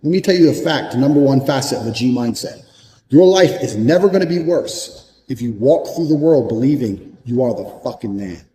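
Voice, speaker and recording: A man's voice: mid-range voice, lively intonation, normal speed, warm tone, low-quality recording. A man giving a blunt, profane motivational monologue, hammering points home through repetition. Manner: repeats points for emphasis. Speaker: motivational speaker.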